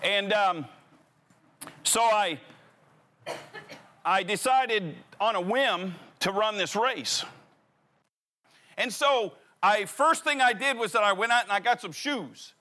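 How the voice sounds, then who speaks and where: A man's voice: high-pitched, slow, long pauses, pushed and bright, a little hiss or hum. A middle-aged man, a pastor telling a funny personal story in a sermon and acting out the dialogue. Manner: humorous, acts out the dialogue.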